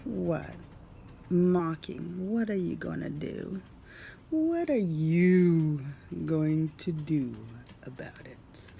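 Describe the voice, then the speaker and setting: A vlogger doing a smirking demon guy, taunting, gravelly and slow. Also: medium pitch, fairly even intonation, warm tone, muffled recording, a little hiss or hum, exaggerated voice. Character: mocking proud male spirit entity.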